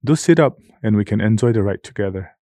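A man voicing a gracious lady made of glowing light in a storybook reading, speaking gently and coaxingly. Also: on the low side, expressive, fast talker, no echo, natural voice.

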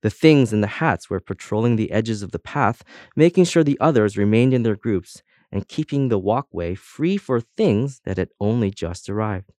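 A man narrating a children's storybook in an expressive storytelling manner. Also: lowish voice, moderate pace, dry recording, studio quality. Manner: expressive storytelling, voices each object. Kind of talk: audiobook narration.

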